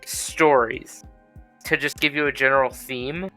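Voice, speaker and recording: Young male host, clear resonant voice, jokey and profane. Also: mid-range voice, steady tone, measured pace, pushed and bright, soft background music. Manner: joking, loose and profane. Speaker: podcast host. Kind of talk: casual chat.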